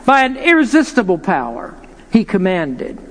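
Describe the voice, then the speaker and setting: A man's voice: high voice, wildly swooping pitch, normal speed. A man preaching an earnest, emphatic sermon, posing rhetorical questions to his listeners. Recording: long hall reverb.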